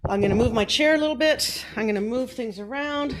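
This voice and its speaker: Her voice runs a bit high and brisk as this middle-aged woman gives casual online-business coaching over Facebook Live from home. Cheerful and chatty, she tinkers with her gear, moving the desk mic around mid-stream.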